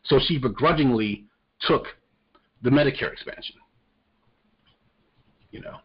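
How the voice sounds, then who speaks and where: Co-hosting a casual podcast about the news, a man with a mid-range, husky voice talks unhurriedly, bluntly, and with plenty of profanity, often stammering as he restarts sentences. The audio is muffled and lo-fi.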